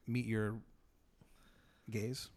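A man improvising an absurd second-person story for a comedy podcast, rambling deadpan with many fillers. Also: lowish voice, extremely slow. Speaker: podcast co-host.

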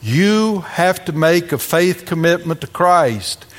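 A man's voice: on the high side, expressive, takes it slowly, big-room sound. A man preaching a sermon with dramatic emphasis and humorous asides. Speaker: pastor.

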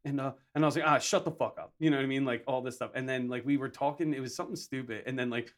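A man's voice: mid-range voice, racing. A young man on a podcast telling a story with lots of swearing, acting out what everyone said. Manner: profane, animated storyteller acting out quotes. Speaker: podcast co-host. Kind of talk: casual podcast chat.

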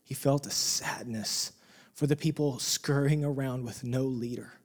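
Man, pastor, sermon, impassioned, mid pitch, loud emphasis and hushed near-whispers. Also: fairly even intonation, unhurried.

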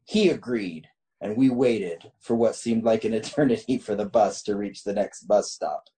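A man's voice: lowish voice, normal speed, mellow. A man hosting a casual talk show, reading a funny story aloud and often breaking into laughter. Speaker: host reading a listener story.

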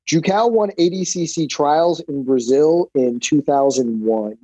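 A man's voice: fairly high pitch, unhurried, dark tone, no echo, highs cut off. A man, a jiu-jitsu instructor on a podcast, telling stories casually with loose, profane talk and many fillers. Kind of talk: casual storytelling.

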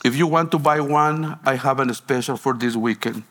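A man's voice: mid-range voice, moderate pace. A man from Guatemala, a pastor preaching a sermon in a storytelling way, with broken phrasing and frequent restarts.

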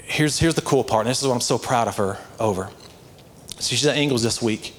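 A man's voice: mid-range voice, brisk, a little hiss or hum. A man preaching a sermon, telling a story conversationally and building to earnest, passionate exhortation. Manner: conversational storytelling with many "like" fillers.

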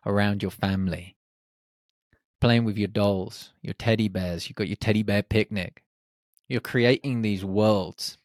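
A man hosting a reflective solo podcast, speaking in short, unhurried phrases. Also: on the low side, darkish tone, no echo, studio quality. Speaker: podcast host.

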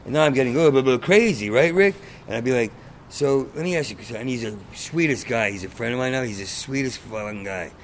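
A man's voice: medium pitch, lively intonation, a little fast, a little hiss or hum. A man, a comedian, talking in casual conversation with a stutter, blunt and profane and rambling. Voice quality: stutter, repeats sounds. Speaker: stand-up comedian, guest.

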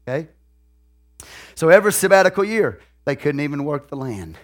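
Preaching at a normal speed, this Texan pastor has a sing-song voice on the high side. His folksy sermon is sprinkled with "okay?" and "hallelujah" and moves between quiet asides and shouting.

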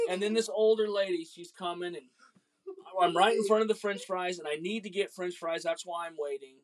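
Jokey dad telling a funny story. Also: male voice, high-pitched. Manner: animated, jokey, acts out voices in stories. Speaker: podcast host, father. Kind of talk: casual storytelling chat.

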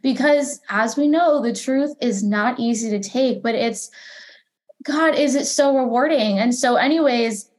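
A woman working as a psychic medium, telling a personal story as a podcast guest in an animated, chatty way, acting out her own remarks. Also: on the high side, unhurried. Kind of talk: casual storytelling conversation.

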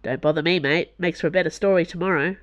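A narrator voicing a weary, wry male soldier-spy in a storybook reading, with a low, drawling half-whisper. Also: fast, no room sound, dull audio, natural voice.

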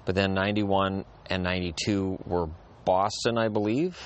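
Out in a backyard, a man hosts a casual solo podcast, rambling easygoingly while repeating phrases and restarting sentences. His voice is low and steady at a moderate pace.

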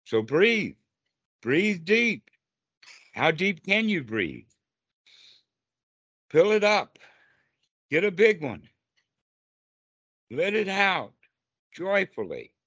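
A man's voice: sits high, sing-song, a bit bright, slightly rough, dry recording. A man guiding a breathing meditation on a call, coaching patiently and repeating himself. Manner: slow, patient, repetitive coaching. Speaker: meditation teacher. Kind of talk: guided breathing instruction on a call.

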